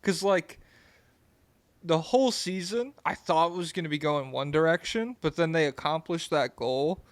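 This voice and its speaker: A man's voice: a little high, normal speed, no room sound. A young man co-hosting a podcast, chatting casually in a rambling, laid-back way, swearing and giggling often. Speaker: podcast co-host. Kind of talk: casual chat.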